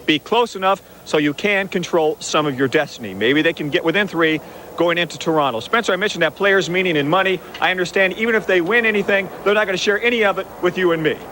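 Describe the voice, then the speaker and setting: A male sports reporter giving a quick, wry live report from outdoors at a stadium. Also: sits high, sharp tone. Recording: 1980s TV with faint outdoor noise.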